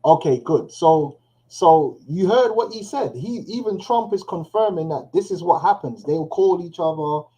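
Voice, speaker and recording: Guy riffing on news clips, slangy and loose, mellow voice, kinda high. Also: lively intonation, moderate pace, highs cut off. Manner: loose, slangy, laughs to himself. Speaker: commentator. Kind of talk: casual commentary on played clips. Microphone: headphones on.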